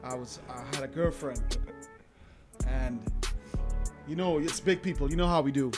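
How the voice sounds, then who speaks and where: A man chatting casually with friends and telling stories in a relaxed, drawn-out way. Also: medium pitch. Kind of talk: casual banter among friends. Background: music.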